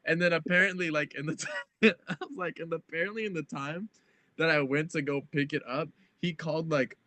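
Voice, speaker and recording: A man's voice: on the high side, steady tone, brisk, bright, forceful tone, no echo. A man in his twenties, a podcast guest, rambling through a casual story with lots of "like", laughing often and quoting people as he goes.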